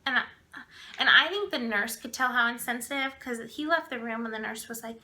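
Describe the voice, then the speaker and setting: A woman's voice: fairly high pitch, normal speed, sharp tone. A woman in her twenties telling a personal story to camera in a chatty way, full of filler words and acted-out quotes. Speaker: vlogger.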